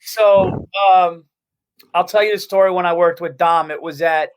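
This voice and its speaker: A man, a comedian guest, telling a story in casual chat, animated and quick with restarts and swearing. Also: high voice, clean tone, rough recording.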